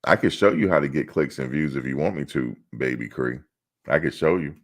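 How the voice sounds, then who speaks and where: A man's voice: rumbling low, a little fast. A middle-aged man hosting a sports channel, chatting casually on a live stream and answering his chat in a blunt, streetwise way.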